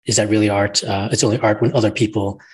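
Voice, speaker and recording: A man's voice: on the low side, flat delivery, fast, slightly rough. A man co-hosting an interview podcast, asking questions in a wry, reflective way. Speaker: podcast co-host. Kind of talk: casual conversation.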